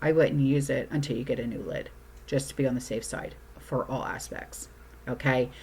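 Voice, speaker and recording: A woman's voice: a bass voice, moderate pace, darkish tone, breathy edge. A woman hosting her channel, talking casually through news items and often checking in with "okay?". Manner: chatty, frequent "okay?" check-ins. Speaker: channel host.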